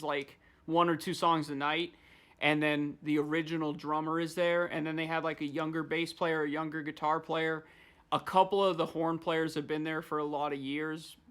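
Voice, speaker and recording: A man's voice: a little high, a bit bright. A man hosting a podcast, ranting in loose, profane casual chat. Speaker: podcast host.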